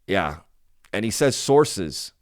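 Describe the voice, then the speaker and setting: A man's voice: fairly low pitch, big pitch swings, slow. A man hosting his own channel, talking casually to viewers in an emphatic, skeptical way and often repeating himself. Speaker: channel host.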